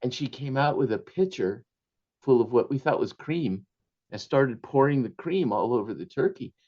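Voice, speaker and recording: A man's voice: mid-range voice, animated, normal speed, a little mellow, muffled recording. An older man, an author, telling family anecdotes in an interview, laughing often and slipping into Spanish phrases. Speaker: author guest. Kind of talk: storytelling interview.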